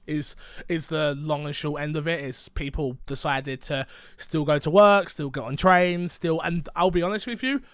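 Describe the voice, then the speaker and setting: A fairly high-voiced man with a London accent chats loosely as a podcast host, wandering into jokey tangents. He sounds stuffy with a blocked nose and sore throat. The recording is close and dry. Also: a bit bright, smooth, no echo. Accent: London English. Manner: rambling, joking, tangent-prone. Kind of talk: casual podcast chat.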